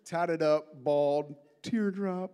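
A male pastor giving a conversational sermon, telling stories with lots of animated asides. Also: fairly high pitch, extremely slow, clean tone. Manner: animated storytelling with many asides.

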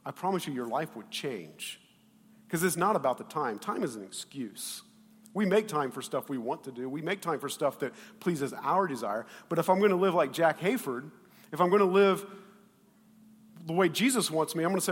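A male pastor delivers a sermon in an animated, conversational way, jumping from loud bursts to quiet asides and acting out the quoted voices. His voice sits a little high for a man. The sound carries a long reverb, as in a church hall. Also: moderate pace, husky.

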